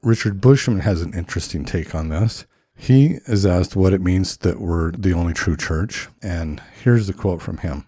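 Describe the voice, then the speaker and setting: A man's voice: deep voice, moderate pace, mellow, breathy edge, no room sound, clean studio sound. A man speaking in an earnest, encouraging way about faith, like a reflective podcast talk.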